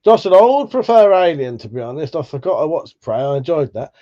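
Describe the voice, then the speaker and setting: A man's voice: on the high side, big pitch swings, fairly quick, dark tone, lo-fi sound. A man hosting a livestream, chatting casually and reading out viewer comments, swearing freely and laughing at himself. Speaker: livestream host.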